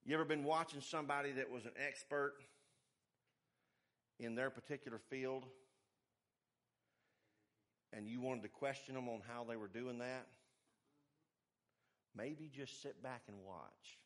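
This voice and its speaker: A man preaching a sermon, emphatic, swinging between hushed asides and forceful exhortation. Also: medium pitch, normal speed, pauses often.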